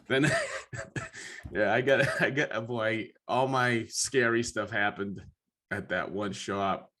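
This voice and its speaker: Man, podcast host, bright and forceful, casual storyteller, profane, acts out his reactions. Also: on the low side, steady tone, slow pace.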